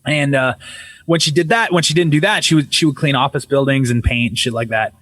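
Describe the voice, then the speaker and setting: A man on a casual podcast call telling a ghost story, swearing freely and acting out the quotes with lively energy. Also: mid-range voice, brisk, no echo. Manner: profane, animated retelling with voiced quotes. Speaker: podcast guest. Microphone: video call.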